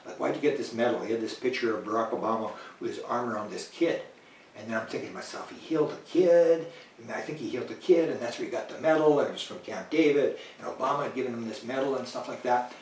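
A man guest in an interview telling a long anecdote in a lively way, acting out the lines of people he quotes and chuckling now and then. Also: medium pitch, quick pace, a little hiss or hum. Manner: animated, chuckling, acts out quoted dialogue. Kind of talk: anecdotal storytelling in conversation. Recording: roomy, distant mic.

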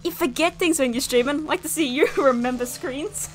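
A woman's voice: sits high, normal speed, slight background noise. A woman streaming a game live, chatting casually with her viewers, laughing often and swearing freely. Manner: giggly, swears freely, chats with viewers while playing.

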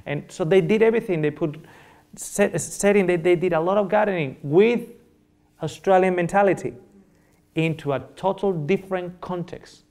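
A man's voice: sits high, moderate pace, a little mellow. Earnest middle-aged male lecturer, Spanish native. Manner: earnest storytelling, repeats phrases, checks in with the audience. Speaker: nutrition lecturer. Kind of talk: public lecture.

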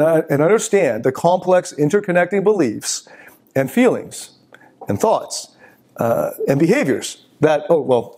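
A man's voice: mid-range voice, a little mellow. A middle-aged man giving a live motivational talk, blunt and profane, often acting out the voices of people he quotes.

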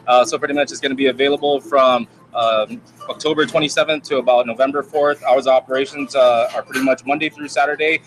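A man's voice: mid-range voice, fairly even intonation, fast talker, fairly bright tone, low-quality recording. Hesitant man explaining a recipe. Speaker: chef presenting a dish. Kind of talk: casual cooking demonstration.

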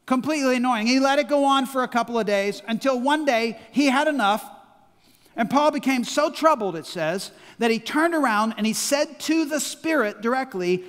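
A man's voice: extremely high pitch, moderate pace, fairly bright tone. A man in his sixties with a Midwestern American accent, a pastor preaching a sermon with emphatic call-and-response, recorded in a large church hall. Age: 60s. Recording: long church-hall reverb.

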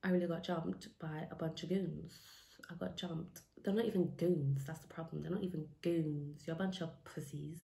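A young woman from retelling a personal story for a vlog, animated and repeating lines for emphasis, acting out what people said. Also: deep voice, normal speed, gravelly. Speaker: vlogger telling a story. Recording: echoey room with faint noise.

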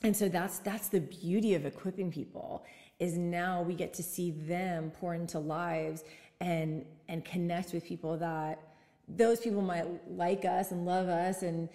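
Woman pastor, somewhat low voice, chatty storyteller, reverberant room, brief note. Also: steady tone. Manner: warm storytelling, quick asides and light laughs. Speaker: pastor and podcast co-host. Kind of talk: casual faith podcast chat.

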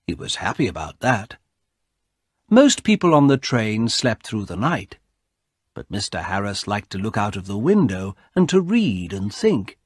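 A man narrating a short story aloud, slowly and clearly, for English learners. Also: on the low side, no room sound, studio quality. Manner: clear, expressive read-aloud.

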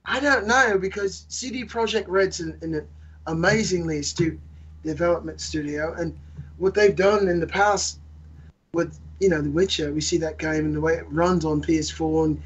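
Male podcaster, high husky voice, jokey mock-British delivery. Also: moderate pace, a bit bright, highs cut off. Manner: jokey, hammy, puts on a mock British accent. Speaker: podcast guest host. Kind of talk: casual podcast chat.

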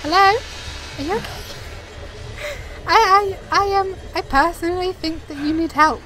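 A woman's voice: very high-pitched, normal speed, bright, forceful tone. A young woman giving frightened, rambling live commentary on a horror game, often repeating herself and talking to her viewers. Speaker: gaming video creator. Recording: noisy background.

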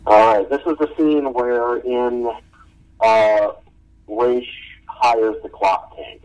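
A male podcast co-host and writer with a mid-range voice. He chats offhandedly at a quick clip and sits a little away from the microphone. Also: medium pitch, a little mellow, recorded from a distance, soft background music, low-quality recording. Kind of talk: casual chat.

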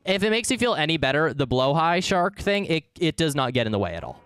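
A man's voice: a little high, sing-song, quick pace, fairly bright tone, clear, resonant tone, dry recording. A man live-streaming a game, chatting casually and goofily with his viewers as he plays. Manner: goofy, rambling, talks to chat.

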